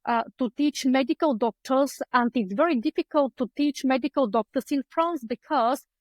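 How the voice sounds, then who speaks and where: High-voiced woman with Eastern European accent. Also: normal speed, a little mellow, dry recording, rough recording. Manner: chatty, acts out her own past thoughts, many fillers. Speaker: guest, clinical psychologist. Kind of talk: conversational interview storytelling. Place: home room lined with books. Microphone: video call.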